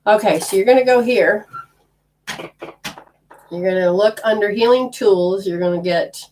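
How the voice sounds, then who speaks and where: A woman's voice: mid-range voice, unhurried, darkish tone, a little hiss or hum. A middle-aged woman teaching energy healing to a group in a casual, blunt way, swearing now and then.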